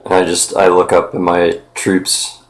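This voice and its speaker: Deep, slow-speaking man playing a knight. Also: completely flat delivery. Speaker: player. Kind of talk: in-character tabletop play.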